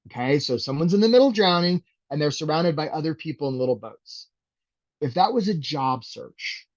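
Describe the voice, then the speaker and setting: A man's voice: a little high, dull audio. A man teaching a live job-search webinar as a career coach, talking energetically and conversationally and often checking in with "right?".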